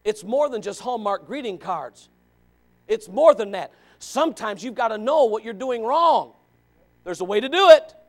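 A man in his forties preaches a sermon in church, his voice sitting high. He's animated and questioning, swinging between loud and quiet.

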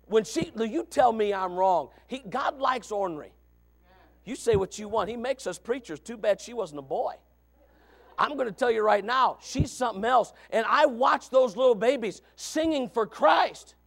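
A man preaching a sermon as pastor, folksy and repetitive, swinging from quiet talk to fervent shouting. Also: high-pitched, expressive, moderate pace. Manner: folksy, repeats phrases.

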